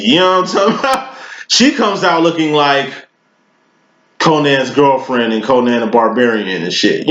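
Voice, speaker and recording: A man with a mid-range, fairly bright voice gives a casual tarot reading in loose, slangy, profane language, spinning long rambling analogies. The recording is roomy, dull, and lo-fi.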